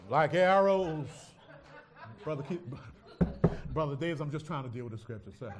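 A male preacher delivering a sermon with a high, lively voice that dips into quiet asides and then climbs to shouts. He jokes and banters with the congregation between points. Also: moderate pace. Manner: dramatic swings from hushed to shouting, teasing congregation. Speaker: pastor.

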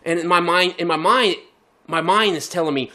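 A man's voice: high voice, normal speed. A man co-hosting a podcast, telling a story in casual chat and swearing constantly. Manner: profane, animated storytelling with heavy swearing. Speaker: podcast co-host.

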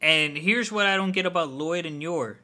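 Bright-voiced man, blunt casual chat. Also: fairly high pitch, normal speed. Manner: blunt, casual, swears freely.

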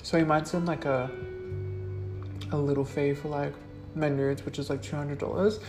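A woman's voice: low voice, fairly even intonation, normal speed, a little mellow, faint music behind. A young adult woman, answering questions in a casual vlog, blunt and sweary, with lots of likes and ums. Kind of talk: casual Q&A monologue.

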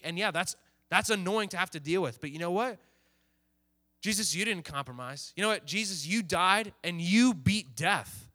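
Man, youth pastor, casual sermon, fairly high voice, crisp and bright tone, chatty delivery. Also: normal speed. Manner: conversational, plays out teens' inner voices.

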